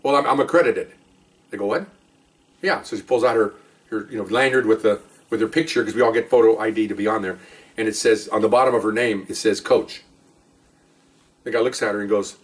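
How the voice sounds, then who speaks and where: A man who was a police officer, telling stories from his work in a loose, animated way and acting out what others said. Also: medium pitch, quick pace, recorded from a distance. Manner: animated retelling, acts out quoted voices. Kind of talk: casual storytelling.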